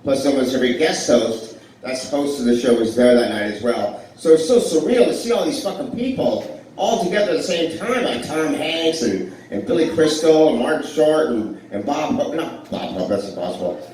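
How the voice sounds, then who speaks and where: Rambling comedian in an echoey club. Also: male voice, a little high, animated, normal speed, darkish tone, a little hiss or hum. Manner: rambling, self-deprecating, riffs with the crowd. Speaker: stand-up comedian. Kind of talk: live stand-up storytelling. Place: blues club stage with a live audience. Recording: echoey club heard from far off.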